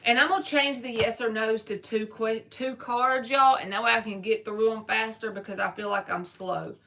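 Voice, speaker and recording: A woman's voice: on the high side, fairly even intonation, normal speed, vocal fry, a bit bright, slight background noise. A woman giving a live-stream tarot reading, talking casually and straight to her viewers in slangy everyday speech. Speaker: tarot reader.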